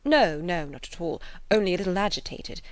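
A woman voicing an earnest middle-aged gentleman who keeps a secret, speaking gravely and in a hushed, hurried way. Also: on the low side, lively intonation, no echo, lightly acted.

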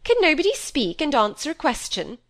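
A woman's voice: sits high, big pitch swings, brisk, a bit bright, voice pushed up, heavily acted. A woman putting on a fussy, querulous stepmother. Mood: fretful. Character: fretful middle-aged stepmother, querulous and self-absorbed.

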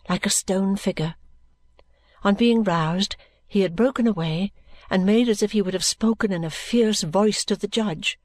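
A woman narrating a classic novel as an audiobook, in a measured, gentle reading. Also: medium pitch, dry recording.

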